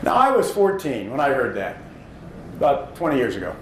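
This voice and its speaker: Before an audience in a hall, a thirtysomething man from Indiana, USA, a public speaking champion, tells motivational stories that climb toward emphatic points. He speaks briskly in a mid-range voice whose pitch swoops wildly, captured with roomy echo and slight noise.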